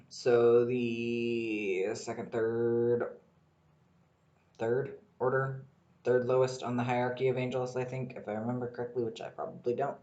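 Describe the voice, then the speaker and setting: A man hosts a casual podcast on his own, rambling excitedly and swearing often. His voice is at an ordinary middle pitch, the room echoes noticeably, and the high frequencies are cut off.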